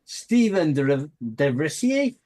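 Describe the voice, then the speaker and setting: A man's voice: fairly high pitch, very animated, slow, a crowd in the background. A man from Wales co-hosting a casual chat, hesitant and stumbling, chuckling between words. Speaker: co-host.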